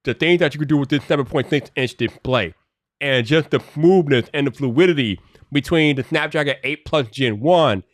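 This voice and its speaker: A man's voice: fairly high pitch, dry recording. Slangy, rambling man in a dry close-mic sound. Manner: slangy and talkative, stumbling over repeated words; grows exasperated when the comments glitch. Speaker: tech live streamer. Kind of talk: casual live-stream chat reacting to comments.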